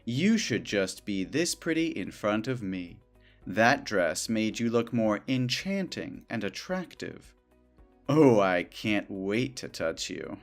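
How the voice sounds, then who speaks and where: A man's voice: fairly low pitch, very animated, slow pace, faint music behind, heavily acted. An actor playing a possessive male coworker who talks in a sugary, overly familiar way. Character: clingy possessive male coworker, young adult. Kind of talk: scripted dialogue drama.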